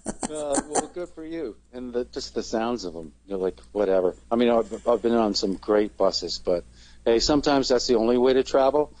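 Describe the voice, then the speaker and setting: A man's voice: medium pitch, moderate pace, a little mellow, rough recording. A man, a touring band's singer, chatting casually in an interview and rambling with many fillers and restarts. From Canada.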